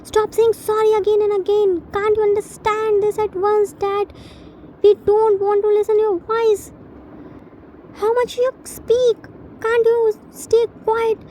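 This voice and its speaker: A woman's voice: extremely high pitch, mellow, slight background noise, low-quality recording. A woman reading a fan story aloud and voicing an irritated young man who lectures his younger brother sharply.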